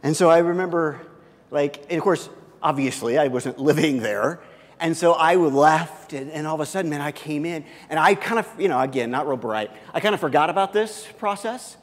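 A pastor preaching a sermon, telling a personal story with many restarts and shifts from loud to hushed. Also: male voice, on the high side, moderate pace, big-room sound.

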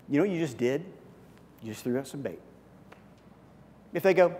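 A man delivers a sermon in a big reverberant hall, his voice sitting a little high. He is animated, slipping into short acted-out conversations and repeating words as he goes. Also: a little fast, pauses often.

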